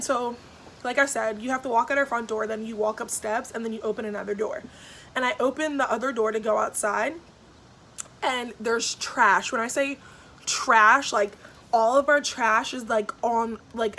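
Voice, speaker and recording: A woman's voice: fairly high pitch, a little hiss or hum. Chatty young woman telling a storytime. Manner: animated retelling with lots of "like", acting out quotes. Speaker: vlogger. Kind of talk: storytime vlog.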